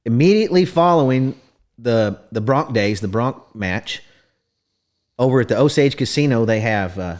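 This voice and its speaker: A man's voice: mid-range voice, lively intonation, normal speed, a little mellow. A man hosting a podcast in casual chat, folksy and rambling in how he talks. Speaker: podcast host.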